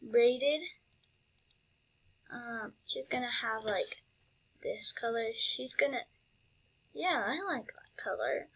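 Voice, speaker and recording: Female gamer commentator, high and bright voice, slow and rambling, gushy. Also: gravelly, slightly rough. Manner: giddy, gushing, lots of "um" and "oh my God". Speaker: gameplay video creator. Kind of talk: casual gameplay commentary.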